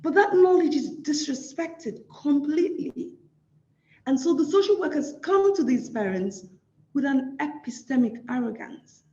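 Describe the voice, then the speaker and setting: Nigerian lady lecturing, emphatic, repeats herself for stress, high voice that swings a lot, echoey room. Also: expressive, measured pace, warm tone, dull audio. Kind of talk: award lecture.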